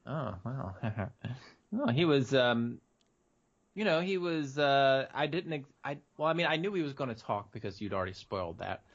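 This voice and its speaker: Gravelly, hesitant young man. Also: medium pitch, lively intonation, normal speed, muffled recording. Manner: hesitant, many ums and restarts. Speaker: podcast co-host. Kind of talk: casual chat.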